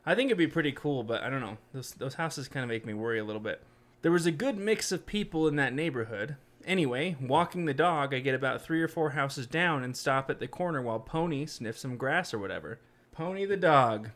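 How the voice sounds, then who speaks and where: A man's voice: medium pitch, animated, brisk, a bit bright. A young man co-hosting a podcast, chatting casually and reading scary stories aloud with joking asides. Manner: joking, does silly voices for quoted people. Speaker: podcast co-host.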